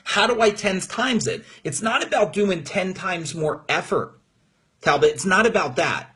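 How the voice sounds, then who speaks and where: A man coaches his live-stream audience in a high, husky voice. He is blunt and profane, and he mocks people who complain. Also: expressive, measured pace, sharp tone. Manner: blunt, profane, mocking, mimics whiners in silly voices. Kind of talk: unscripted motivational talk to viewers. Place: room with neighbors next door.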